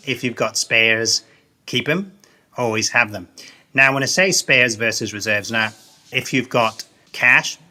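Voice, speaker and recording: A man's voice: mid-range voice, bright, forceful tone. A man, a business consultant, giving emphatic interview answers that repeat key phrases.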